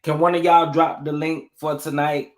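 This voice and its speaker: A man's voice: fairly high pitch, moderate pace. A man hosting a casual livestream, talking animatedly and repeating himself as he addresses his viewers. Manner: animated, repetitive, talks straight to the chat. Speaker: livestream show host.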